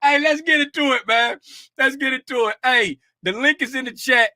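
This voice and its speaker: High, bright-voiced livestream host. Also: male voice, normal speed, no room sound, studio quality. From Fort Lauderdale, Florida. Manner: animated, greets chat by name, bursts of laughter and shouting. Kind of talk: casual livestream chat with viewers.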